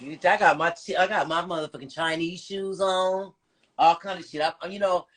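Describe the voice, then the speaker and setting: A woman on a podcast, telling stories in a brash, profane, animated way as a guest. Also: on the low side, moderate pace. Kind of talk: casual storytelling chat.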